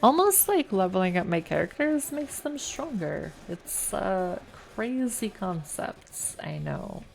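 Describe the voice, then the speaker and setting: Her mid-range voice has a creaky quality as this American streamer reads out a game's text calmly and deliberately. She fills the gaps between passages with casual chat.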